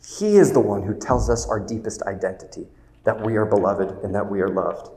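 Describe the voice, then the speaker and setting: A man's voice: lowish voice, fairly quick, a little mellow, a little hiss or hum. A man giving a retreat talk, earnest and preacherly, stretching key words. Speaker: retreat speaker. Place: retreat venue hall. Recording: roomy hall with long reverb.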